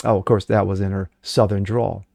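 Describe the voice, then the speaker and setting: A man's voice: flat delivery, moderate pace, vocal fry, mellow, no room sound. A man hosting a daily political commentary show, sarcastic and mocking in tone. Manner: sarcastic and mocking, swings pitch for jokes. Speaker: host.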